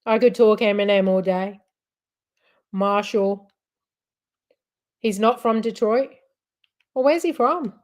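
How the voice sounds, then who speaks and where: A woman's voice: mid-range voice, slow, long pauses, a little mellow. A woman hosting a casual live chat, rambling and giggling as she talks. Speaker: livestream host.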